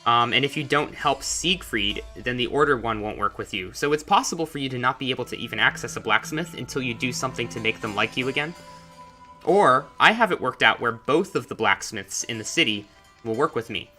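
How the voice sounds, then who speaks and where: A man's voice: mid-range voice, animated, fairly quick, pushed and bright, soft background music. A man giving casual, chatty commentary while playing a video game, with musing asides. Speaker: gameplay commentator. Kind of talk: casual let's-play commentary.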